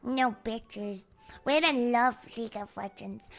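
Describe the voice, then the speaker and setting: Bright high-voiced woman streamer. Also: a little fast, soft background music. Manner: rambling, swears freely, playful and animated. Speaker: livestreamer. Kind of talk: casual livestream chat with viewers.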